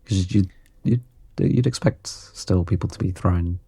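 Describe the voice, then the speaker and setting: A man co-hosting a podcast, with a very deep, mellow voice. He talks in a hesitant, halting way, full of fillers and restarts. The sound is dry and close. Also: creaky, slightly rough, no room sound. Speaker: podcast co-host. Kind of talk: casual chat.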